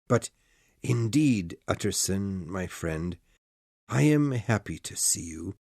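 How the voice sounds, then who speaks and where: A woman voicing a troubled, frightened gentleman doctor in an audiobook, speaking slowly in a lowered, strained voice. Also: lively intonation, no room sound, studio quality, exaggerated voice. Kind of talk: audiobook character voice.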